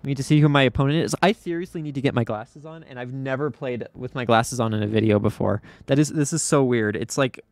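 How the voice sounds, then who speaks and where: A man giving excitable gameplay commentary as a YouTuber, yelping and laughing often as things happen. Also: mid-range voice, no room sound. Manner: excitable, quick to yelp and laugh. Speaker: gaming YouTuber.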